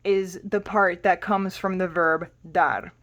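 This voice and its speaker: A woman's voice: lowish voice, fairly even intonation, takes it slowly, fairly bright tone. Patient woman teaching a language lesson. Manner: patient, spells words out letter by letter. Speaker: Spanish teacher.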